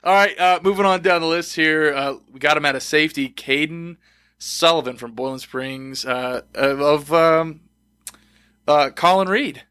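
A man hosting a sports podcast, enthusiastic and quick to laugh as he interviews a coach. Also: fairly high pitch, bright, forceful tone, clean tone, no room sound, studio quality. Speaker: podcast host.

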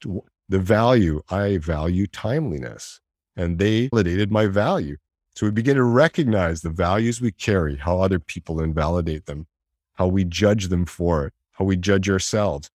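A man talking in a reflective conversation, animated, acting out inner voices and laughing often. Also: deep voice, normal speed, no room sound, studio quality.

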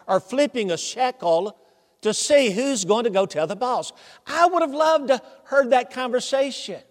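A man preaching a sermon, telling the story animatedly with humor and asking the congregation questions. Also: high-pitched. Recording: long hall reverb.

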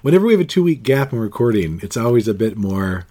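A man's voice: mid-range voice, sing-song, fast talker, warm tone. Middle-aged man, podcast host, casual and jokey, rambles a bit, voice rising and falling a lot. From Canada. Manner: jokey, rambling, laughs easily. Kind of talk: casual chat.

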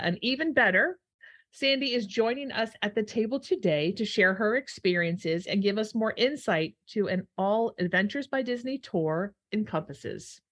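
A woman hosting a food podcast, chatting casually and playfully. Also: mid-range voice. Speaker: podcast host. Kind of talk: casual chat.

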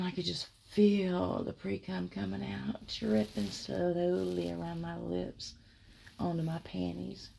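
A woman telling a first-person erotic story, drawing out her words with soft murmurs and frequent giggles. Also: lowish voice, vocal fry, breathy edge.

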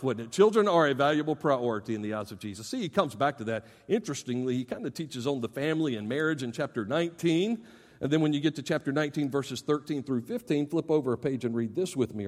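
A middle-aged male pastor preaching a sermon. He speaks straight to parents, swinging from loud emphasis to soft, low asides. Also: lively intonation, fast. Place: church sanctuary. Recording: long reverb of a large church hall.

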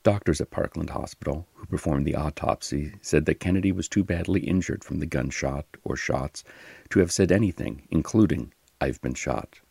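A man hosting and narrating a history podcast in a slow, measured scripted storytelling delivery. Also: rumbling low, gravelly, dark tone, slightly rough, dry recording.

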